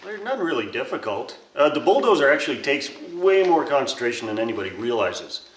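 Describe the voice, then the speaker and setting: A man's voice: medium pitch, big pitch swings, brisk. A man chatting casually with dry, wry remarks. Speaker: crew member. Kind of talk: casual chat. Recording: roomy echo.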